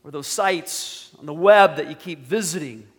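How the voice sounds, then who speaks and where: Male pastor, high-pitched, conversational sermon delivery with forceful emphatic moments. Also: normal speed. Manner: conversational preaching with emphatic quoted commands.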